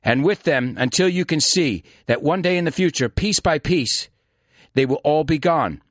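Casting: a man doing a disillusioned Scottish man, scornful list-by-list rant, lively pitch, dry studio sound. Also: moderate pace, no echo. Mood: bitter. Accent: put-on Scottish. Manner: rhythmic, scornful list-like delivery.

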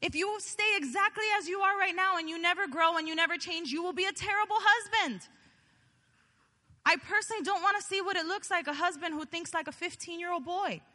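Woman, preacher, sermon, high voice, bright tone, chatty, long hall reverb. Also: a little fast. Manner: animated, chatty, jokes with the audience. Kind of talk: sermon with personal story.

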